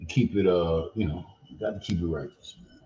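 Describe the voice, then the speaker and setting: A man's voice: low-pitched, a little fast, warm tone, lo-fi sound, slight background noise. An older man hosting a podcast, talking in a loose, rambling, slangy way full of profanity and "you know what I mean.". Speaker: podcast host. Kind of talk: casual livestream chat.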